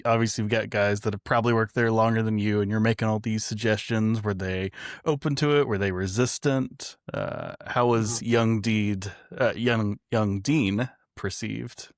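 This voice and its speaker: A man's voice: lowish voice, fairly even intonation, moderate pace, no room sound, clean studio sound. A man co-hosting a podcast, asking the guest curious, probing questions. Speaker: podcast co-host. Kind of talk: interview questions.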